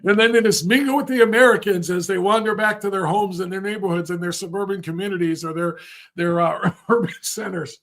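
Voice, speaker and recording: A man's voice: sits high, fairly even intonation, fairly quick, a bit bright. A middle-aged man hosting a livestream, giving rambling, sarcastic political commentary. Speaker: host.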